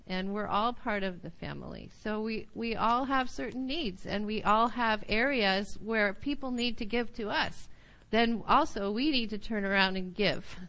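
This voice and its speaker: A woman teaching a Bible study class, animated, often checking in with her listeners. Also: mid-range voice, low-quality recording.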